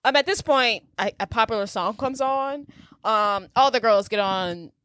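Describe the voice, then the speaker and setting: A woman's voice: on the high side, moderate pace, no echo. A woman co-hosting a podcast, telling the plot in casual chat with easy laughter. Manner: laughs easily, lively storytelling. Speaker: podcast co-host. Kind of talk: casual movie recap chat.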